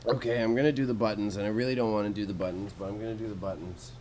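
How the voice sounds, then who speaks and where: This young Canadian livestreamer races through casual chat as he sorts jewelry, slangy and laid-back. His voice sits fairly low with a steady, slightly mellow tone, and the rough recording has a faint room hum.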